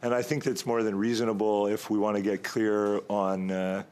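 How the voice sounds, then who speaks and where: Rambling, slightly hoarse politician at committee. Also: male voice, on the low side, flat delivery, a little mellow. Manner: rambling, halting, stalling for time; argumentative toward opponents. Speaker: member of parliament at a committee. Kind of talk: long-winded committee floor speech. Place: parliamentary committee room.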